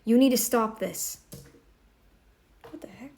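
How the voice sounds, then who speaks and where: A woman's voice: on the high side, slow pace, a little mellow. A woman giving casual reaction commentary in a blunt, scolding, emphatic way.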